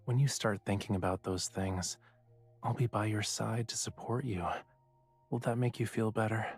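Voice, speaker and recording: A devoted young artist lover from a romance game, low and softly husky. He speaks with quiet, earnest reassurance, coaxing rather than pushing, over faint background music. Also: steady tone, moderate pace. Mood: tender. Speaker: game love interest. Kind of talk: voiced game dialogue.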